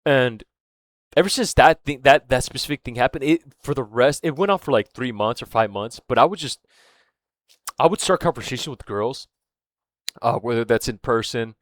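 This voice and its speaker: A man's voice: medium pitch, expressive, normal speed, no room sound, studio quality. A man telling a story in a casual, rambling monologue, swearing often and losing his thread, with fillers like "right?" and "man". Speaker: vlogger.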